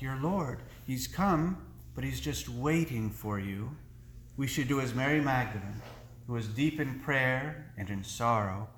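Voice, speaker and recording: A male priest delivers a sermon in a slow, measured, earnest way, pausing deliberately between phrases. His voice sits at an ordinary middle pitch. The church around him is roomy and echoing, with a faint hum of background noise. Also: fairly bright tone. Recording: echoey church room.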